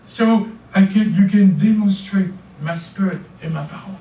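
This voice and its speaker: A man's voice: high voice, moderate pace, gravelly, hardly any pauses, mellow. An older man with a French accent, preaching a sermon as pastor, often stammering and repeating words as he restarts. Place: church hall. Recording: echoey church from far off.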